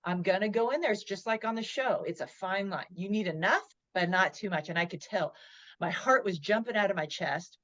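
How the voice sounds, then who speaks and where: A woman in her forties tells a personal story as a podcast guest. She talks in an animated way and slips into her own inner voice as she goes. Her voice sits in a middle pitch and comes through slightly dull, lo-fi audio. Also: a little fast. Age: 40s. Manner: lively, acts out her own inner dialogue. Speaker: podcast guest, motivational speaker. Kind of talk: storytelling in an interview.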